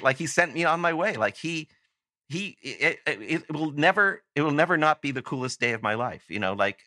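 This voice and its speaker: A man's voice: medium pitch, sharp tone, no room sound, clean studio sound. A man from Canada telling a long, rambling story as a podcast guest, often breaking off and restarting his sentences. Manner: rambling, self-interrupting storyteller. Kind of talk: casual anecdote telling.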